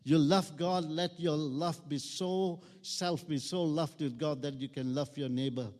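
Man preaching to a congregation; raised pitch, pushes lines for the crowd to echo back, big reverberant hall. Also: fairly even intonation, measured pace, a little mellow. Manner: emphatic call-and-response, urging the congregation to repeat phrases. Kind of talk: sermon. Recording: long reverb of a large hall.

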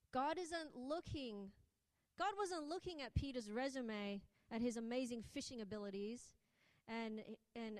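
Woman preacher, high voice, earnest and conversational; echoey church hall. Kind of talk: sermon.

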